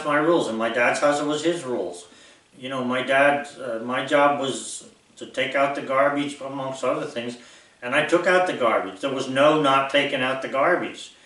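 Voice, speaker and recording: A man's voice: medium pitch, sharp tone. A man in his sixties from the United States, talking bluntly and rambling as he lectures his viewers in an unscripted monologue. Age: 60s. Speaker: vlogger. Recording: very echoey room, distant mic.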